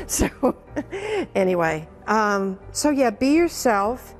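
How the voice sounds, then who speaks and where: With faint music in the background, a longtime TV news anchor in her sixties tells stories during a conversational interview that turns reflective and emotional. Her voice is a little high and her pace moderate. Animated and emotional, she keeps circling back to the same phrases.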